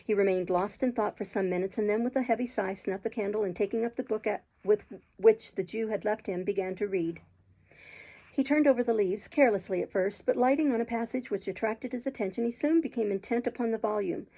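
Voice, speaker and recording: A woman reading a classic novel aloud as an audiobook, in a steady, measured storytelling manner. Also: medium pitch, rough recording. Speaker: audiobook reader, channel host.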